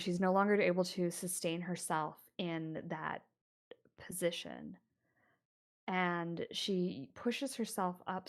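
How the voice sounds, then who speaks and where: A woman running a tabletop horror game as game master, narrating scenes in an unhurried way with fillers. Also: medium pitch.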